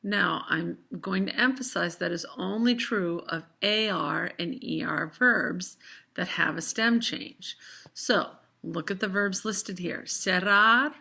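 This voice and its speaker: A woman teaching a recorded lesson over slides, explaining patiently and slowing down for examples. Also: on the low side, creaky, bright, forceful tone. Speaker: Spanish teacher.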